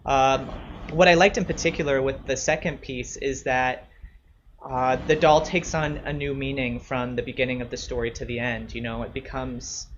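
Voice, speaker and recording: A man's voice: medium pitch, fairly even intonation, moderate pace, lo-fi sound, slight background noise. A man hosting a show, chatting casually with many fillers. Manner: laid-back, many fillers like 'like' and 'you know'. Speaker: podcast host. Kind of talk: casual interview chat.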